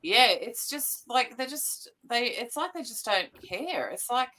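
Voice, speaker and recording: A woman's voice: fairly high pitch, big pitch swings, measured pace, sharp tone. A woman co-hosting a casual live online news show, reading headlines with lots of fillers. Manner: chatty, filler-heavy, reading headlines aloud.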